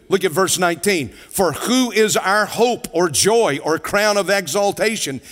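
Dynamic preaching man with lively pitch. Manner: dynamic preaching, drops to near-whispers and rises to calls to the congregation. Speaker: pastor. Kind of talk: sermon. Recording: long hall reverb.

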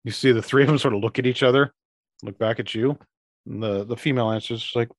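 A man narrating as game master for a tabletop game, halting and restarting his phrases as he describes scenes and voices characters. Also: mid-range voice, steady tone, dry recording, studio quality.

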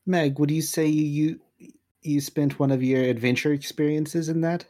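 A woman playing in a tabletop game, cracking dry, deadpan jokes. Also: low-pitched, moderate pace. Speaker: player. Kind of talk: casual tabletop game chat.

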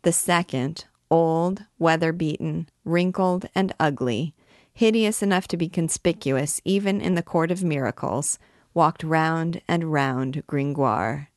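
Slow, low-voiced woman narrator. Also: no room sound, studio quality. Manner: measured, even storytelling. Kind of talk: audiobook narration of a classic novel.

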